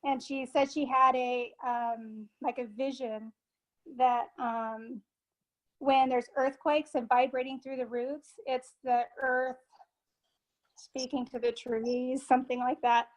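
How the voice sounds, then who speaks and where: A woman guest in a casual interview, a sound therapist who talks haltingly with many filler pauses. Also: high voice, little pitch movement, low-quality recording.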